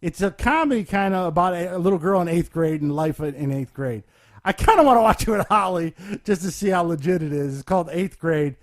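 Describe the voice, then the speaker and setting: A man's voice: high-pitched, lively intonation, brisk. A man hosting a casual podcast chat, reading off a list of picks and asking the others for their verdicts. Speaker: podcast host.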